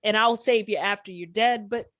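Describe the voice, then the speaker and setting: A woman's voice: mid-range voice, moderate pace, fairly bright tone, dry recording, studio quality. Blunt, slangy woman playing a character. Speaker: tabletop game player. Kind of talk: in-character tabletop role-play.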